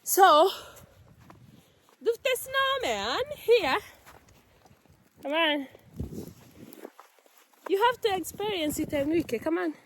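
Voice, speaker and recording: A young woman with a Rwandan accent, whose first language is Kinyarwanda, talks into a phone camera outdoors in the snow. Her voice sits high and leaps about as she cheers her son on, and a faint hiss of background noise runs under it. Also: slow pace, pauses often. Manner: animated, coaxing, mixes English with Kinyarwanda, laughs often. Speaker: vlogger filming with her son. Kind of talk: casual outdoor vlog.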